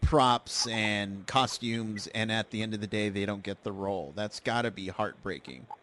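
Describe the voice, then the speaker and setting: A man's voice: on the low side, moderate pace, bright, forceful tone, slight background noise. A man hosting a podcast, chatting casually with his guest and chuckling along. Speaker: podcast host. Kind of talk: casual interview chat.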